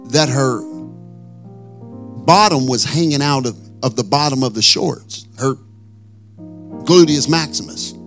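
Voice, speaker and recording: A male pastor preaching a sermon with animated, blunt storytelling and emphatic asides. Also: medium pitch.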